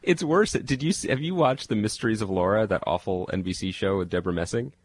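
A man, a TV critic guest on a podcast, chatting animatedly and jumping up in pitch to make a point. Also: fast, no room sound. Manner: animated, jumps up in pitch when making a point. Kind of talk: casual chat.

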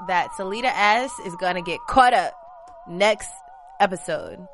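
A woman chatting casually as a panelist on a TV aftershow, slangy with animated reactions. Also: medium pitch, unhurried, music in the background. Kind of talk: casual chat.

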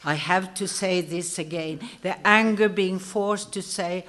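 An older actress telling a stage anecdote to an audience, acting out quoted lines and laughing often. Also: female voice, lowish voice, a little slow, a bit bright. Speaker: guest actress telling a story.

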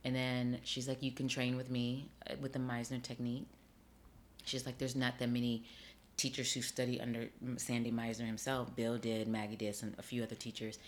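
A middle-aged woman, an actor and acting teacher, chatting in an interview and telling her story with lively acted-out dialogue. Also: very deep voice, fairly quick, slight background noise. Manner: animated storyteller, acts out quoted dialogue. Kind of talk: casual interview chat.

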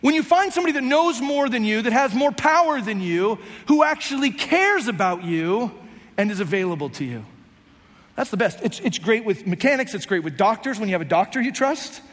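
A man's voice: very high voice, animated, a little fast, fairly bright tone. A man preaching a sermon as pastor, talking conversationally and slipping into playful voiced asides. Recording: long hall reverb.

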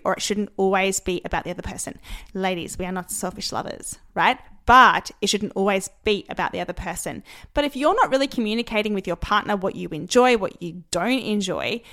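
A young woman hosts her own podcast in a loose, candid chat. She talks straight to her listeners, peppering her speech with "like" and "you know", and her pitch sits in a middle range for a woman. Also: a bit bright. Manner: chatty and candid, many "like" and "you know" fillers. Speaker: podcast host. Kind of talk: casual solo podcast talk.

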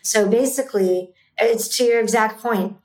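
A woman in her fifties, an entrepreneur guest, tells her emotional personal story in a slightly high, darkish voice at normal speed. She speaks intensely and emphatically, repeating lines for force. The recording has a roomy echo with faint music.

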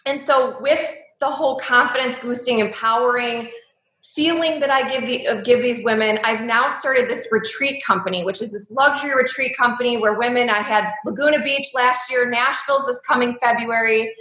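A woman in her thirties tells her own story in an interview, open and heartfelt, her talk full of likes and ums. Her voice is bright and forward and sits a little high. The room around her rings with echo. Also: moderate pace. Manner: candid, emotional, speaks with many likes and ums. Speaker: guest.

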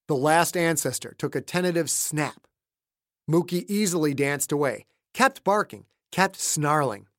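A man narrating his own thriller audiobook in a dramatic scripted style, shifting between hushed lines and shouted dialogue, recorded on a close studio mic. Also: a little high, no echo. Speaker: author and narrator.

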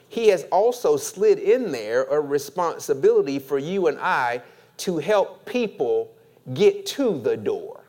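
Slow, expressive male preacher. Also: on the high side. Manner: slow, deliberate preaching with call-and-response. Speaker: pastor. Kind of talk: sermon.

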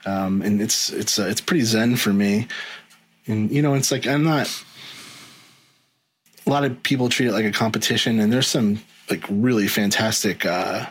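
A man's voice: on the low side, moderate pace, slightly rough, poor audio. A middle-aged man talking casually as a podcast guest, rambling with many ums and restarts. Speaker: guest, video editor.

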